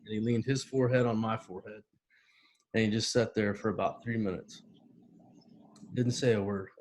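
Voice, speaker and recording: A man's voice: on the low side, fairly even intonation, normal speed, a little mellow. A man, a military veteran guest, telling a heartfelt personal story and acting out the voices and sounds in it. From United States. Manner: vivid storyteller, acts out quoted voices and sounds.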